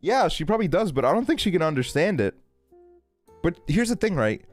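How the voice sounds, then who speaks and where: A man's voice: on the high side, very animated, fairly quick, soft background music. A man in his twenties chatting casually on a stream, ranting with plenty of swearing and frequent laughter. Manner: profane, ranting, laughs often.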